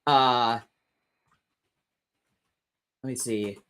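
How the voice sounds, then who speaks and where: A man's voice: mid-range voice, steady tone, very slow, pushed and bright, clean tone, low-quality recording. Rambling casual male livestream host. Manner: rambling, self-correcting, swears casually. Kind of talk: casual live chat reading comments.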